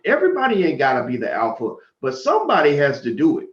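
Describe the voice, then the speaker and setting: A man delivering a fiery, preachy monologue to viewers, swinging from loud outbursts to low asides. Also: huge pitch swings, fast. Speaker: commentator on a live stream. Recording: roomy, dull lo-fi stream audio.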